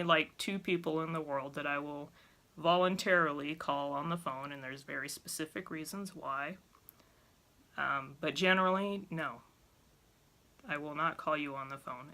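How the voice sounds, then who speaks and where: Vlogger, woman, blunt and exasperated; lowish pitch, bright, forceful tone. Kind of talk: casual talk to camera.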